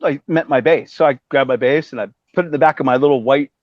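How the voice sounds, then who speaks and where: A man in his fifties telling stories casually as a musician guest, animated and acting out the voices of other people he quotes. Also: mid-range voice, fast talker, dry recording. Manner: animated, acts out quoted voices, swears freely. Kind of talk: casual storytelling. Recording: dull dry lo-fi sound.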